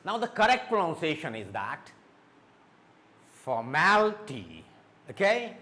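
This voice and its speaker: Tutor, male, slightly high voice, drills words slowly, mixes in Hindi. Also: animated, a bit bright. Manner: slow, repeats words and says okay often; mixes Hindi explanations into English. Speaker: English teacher. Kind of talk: spoken English lesson.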